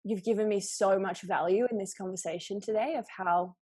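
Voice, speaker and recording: A young Australian woman hosting a podcast, who talks quickly and chattily in a casual conversation, with lots of "like". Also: mid-range voice, fairly even intonation, darkish tone, husky, no echo. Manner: fast-talking, chatty, full of "like". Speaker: podcast host.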